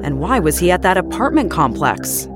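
A woman narrates a true-crime story in a measured, dramatic way. Her voice sits a little low. Music plays clearly beneath her. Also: big pitch swings.

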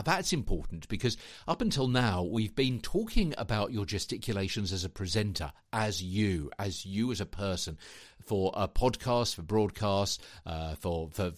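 A low-pitched man teaches voice acting on his own podcast, his intonation rising and falling widely. He talks to the listener conversationally, with frequent check-ins and a few stumbling restarts. The sound is dry, with no room echo. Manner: repeats words when restarting. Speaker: podcast host and voiceover coach.

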